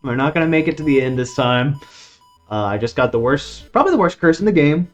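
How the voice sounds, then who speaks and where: A man's voice: fairly high pitch, brisk. A man streaming a horror board-style game, reading its text aloud and reacting with casual jokes and swearing. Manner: animated, swears casually, jokes at his own bad luck. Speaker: gaming streamer. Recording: dull lo-fi sound with faint music behind.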